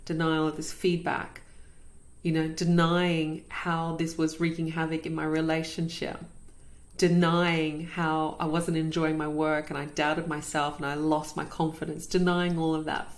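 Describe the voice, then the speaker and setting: This is a woman in her thirties hosting a podcast and sharing a personal story. Her voice sits slightly low, and she speaks earnestly and reflectively, often repeating words for emphasis. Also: little pitch movement, moderate pace.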